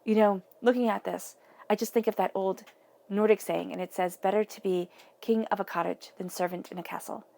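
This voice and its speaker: Woman, tarot reader, gravelly fry, earnest, conversational, talks straight to the viewer. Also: medium pitch, steady tone, brisk, warm tone. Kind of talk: tarot reading monologue.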